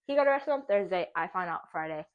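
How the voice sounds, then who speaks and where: A woman's voice: on the low side, quick pace, phone-quality sound. Young woman telling a wild story. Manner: animated, profane, laughing often. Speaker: vlogger. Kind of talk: casual storytelling while baking.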